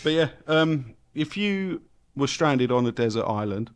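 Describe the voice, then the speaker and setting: A man's voice: mid-range voice, unhurried, a little hiss or hum. Podcast guy on a call, swings his voice up and down, laughs a lot, swears. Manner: animated, laughs often, swears casually. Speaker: podcast co-host. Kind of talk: casual chat. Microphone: remote call mic.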